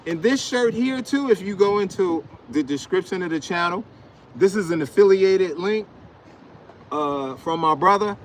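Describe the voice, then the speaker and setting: A man's voice: high voice, animated, normal speed, a little hiss or hum. Chatty man vlogging outside on a phone. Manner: loose, chatty, talks straight to viewers. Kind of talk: casual live vlog. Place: outdoors at a city fast-food lot.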